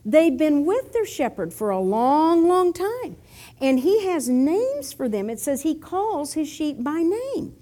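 An animated woman teaches a Bible lesson with props, her high voice swooping widely as she acts out scenes. She keeps it playful with chuckling asides. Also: slow pace.

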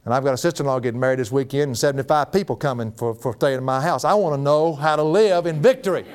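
A middle-aged man preaching a sermon as a pastor, folksy and animated, laughing often. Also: mid-range voice, quick pace.

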